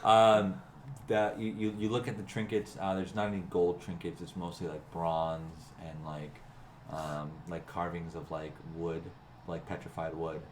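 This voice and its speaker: A deep-voiced man narrates a tabletop game as game master, feeling his way through each scene with fillers and restarts. His voice sounds echoey on an online call mic, with a faint hum underneath. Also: level tone. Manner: halting, full of fillers and restarts.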